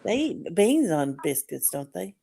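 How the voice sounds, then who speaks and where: A woman's voice: on the low side, very animated, unhurried, creaky, dark tone, husky. A woman, a guest in a casual stream chat, joking and giggly. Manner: joking, giggly, playful rhymes. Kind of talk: casual late-night chat.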